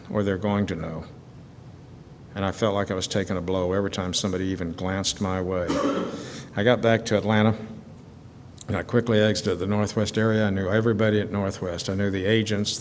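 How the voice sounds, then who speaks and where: A middle-aged man from Georgia giving an earnest, halting personal testimony at a recovery retreat, repeating words when moved. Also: flat delivery. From Stockbridge, Georgia, USA. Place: retreat hall. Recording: archival hall recording with long reverb and faint rumble.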